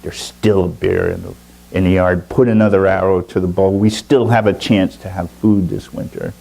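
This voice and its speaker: A man's voice: low-pitched, fairly even intonation, moderate pace, gravelly, dark tone, poor audio. A man voicing a bitter, resentful old grandmother who scolds and barks orders. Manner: harsh, scolding, bossy commands.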